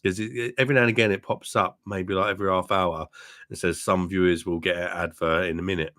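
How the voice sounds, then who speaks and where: A middle-aged man with a low, deep voice talks casually to his live-stream viewers over a webcam mic. He is blunt and laughs often. He swears freely and calls everyone mate. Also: flat delivery, fast talker, sharp tone. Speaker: beer reviewer and live-stream host.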